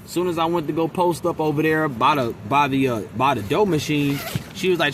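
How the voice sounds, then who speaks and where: A man's voice: fairly high pitch, brisk, fairly bright tone, a little hiss or hum. A man venting in a casual monologue to camera, blunt and profane, mimicking his coworkers. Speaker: vlogger.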